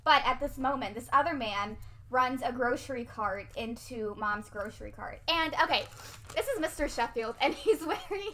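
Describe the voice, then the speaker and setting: A young woman with a high, bright voice recaps a film in casual chat. She talks in a loose, chatty way, laughs often and fills her sentences with "like". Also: animated, moderate pace, slight background noise.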